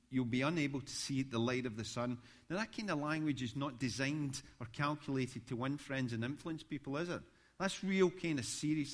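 A man, a pastor preaching a sermon, telling stories with rising animation. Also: medium pitch. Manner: storytelling, animated when recounting events.

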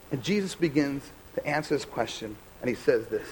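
A young adult American man, a pastor giving a conversational, animated sermon full of rhetorical questions. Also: medium pitch, brisk, few pauses, slight background noise, poor audio. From United States.

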